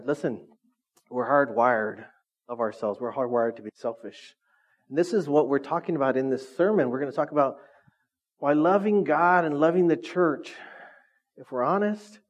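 Joking pastor, fairly high voice. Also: male voice. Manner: conversational, joking, constantly quizzes the congregation. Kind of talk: sermon. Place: church, before a congregation.

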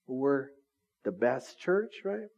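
A man's voice: mid-range voice, big pitch swings, slow, creaky, a little mellow, highs cut off. A middle-aged man preaching a casual sermon as lead pastor of a small church, conversational and self-deprecating, often checking in with the congregation.

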